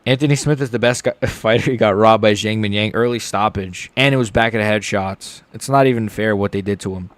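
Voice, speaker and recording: A young man streaming a live reaction to fights, chatting casually and getting loud and excited when something big happens. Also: a little fast, few pauses, no room sound. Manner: casual, excitable, shouts with rising pitch at big moments.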